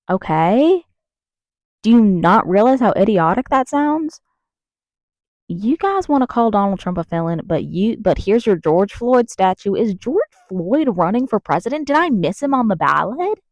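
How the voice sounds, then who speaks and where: A woman's voice: fairly high pitch, sing-song, a little slow, pauses often, dry recording. Angry young woman ranting in a closet. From United States. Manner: angry, swearing, rambling with many restarts. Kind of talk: ranting vlog monologue.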